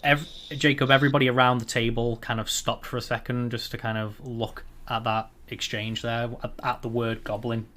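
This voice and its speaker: A man's voice: medium pitch, level tone, brisk, hardly any pauses, bright, forceful tone. A man narrating a tabletop game as dungeon master, rambling with frequent ums and restarts.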